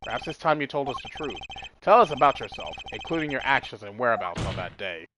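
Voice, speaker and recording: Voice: medium pitch, big pitch swings, fast, background noise, voice pushed down, lightly acted. A player doing a suave cocky male prosecutor. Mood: smug. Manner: suave, condescending, slight German flourishes.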